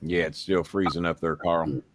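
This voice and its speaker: A man hosting a live show, telling a story in a casual, profane way and getting loud when he quotes himself. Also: sits low, normal speed, a little hiss or hum. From United States. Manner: profane, animated, shouts when quoting himself. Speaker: host.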